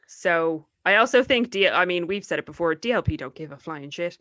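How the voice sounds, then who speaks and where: Irish woman, young adult, podcast co-host, blunt and sweary, bright voice, dry close sound. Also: lowish voice, animated, a little fast, dry recording. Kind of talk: casual chat.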